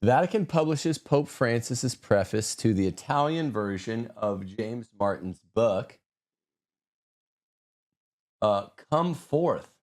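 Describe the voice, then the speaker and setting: A man's voice: medium pitch, animated, takes it slowly, a little mellow, dry recording, clean studio sound. A man hosting an opinionated news commentary show, reading headlines and adding sarcastic, mocking asides. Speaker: host.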